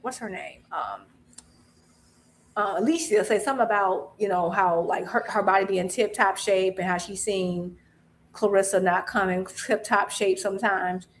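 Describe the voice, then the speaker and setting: A chatty woman co-hosting a live boxing stream, quick to laugh. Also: medium pitch, a little hiss or hum. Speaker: boxing podcast co-host. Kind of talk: casual live-stream chat.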